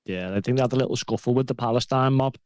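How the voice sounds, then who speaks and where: A man chiming in with brief comments and chuckles during a casual satirical chat. His voice sits at a middling pitch. The recording is dry and close. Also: racing, darkish tone, no echo.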